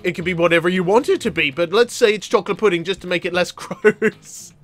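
An excitable man hosting a gaming channel and narrating his own matches. His voice sits high for a man, and it jumps into yells and laughs. Faint music plays under his commentary. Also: brisk. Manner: excitable, yelling and laughing at the game. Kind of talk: let's play commentary.

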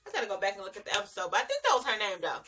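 A woman's voice: medium pitch, wildly swooping pitch, very fast, sharp tone, soft background music. A young woman, reviewing a reality show in casual, slangy chat and laughing often.

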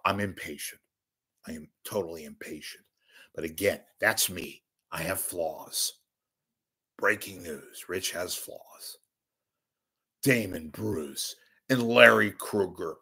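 A man's voice: low voice, breathy edge. Blunt sarcastic man ranting. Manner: swings between mutters and loud outbursts. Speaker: media commentator host. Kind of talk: ranting monologue.

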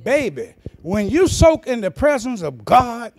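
A man preaching a sermon as pastor, folksy and chuckling, rising into shouted, sing-song cadences. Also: very high-pitched, big pitch swings, measured pace.

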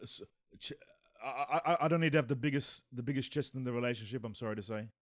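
A man's voice: mid-range voice, fast. A man co-hosting a casual group chat, cracking jokes and stammering into his punchlines. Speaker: podcast co-host.

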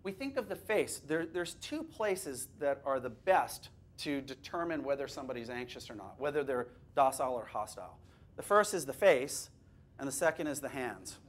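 A man's voice: medium pitch, normal speed. A man presenting a teacher training workshop, talking conversationally, joking and asking the audience questions. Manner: lively, conversational, asks the audience questions, jokes. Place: classroom or workshop room with a live audience.

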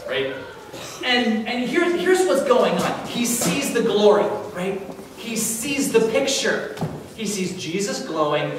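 A male pastor preaching a sermon in a relaxed, conversational storytelling manner, recorded in a church. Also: sits high. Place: church sanctuary. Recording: echoey church from far off, faint hiss.

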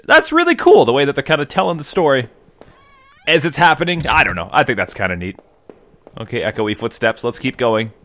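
A young man hosts a game video on a desk mic, chatting and joking with viewers, whom he calls folks, as he plays. His voice is medium-pitched with a fairly bright tone, and there's no room sound.

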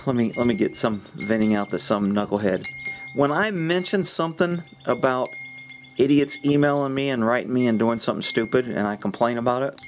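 A man, a horse trainer, talking bluntly and with cursing in a casual outdoor vlog by a pasture. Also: medium pitch. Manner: blunt, ranting, profane. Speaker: horse trainer, channel host. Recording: wind hitting the microphone. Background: wind and wind chimes.

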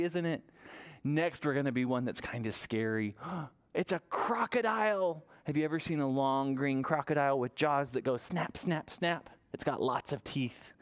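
A man leading a library toddler story time, singing action songs and reading aloud in an animated sing-song way to small children. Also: medium pitch.

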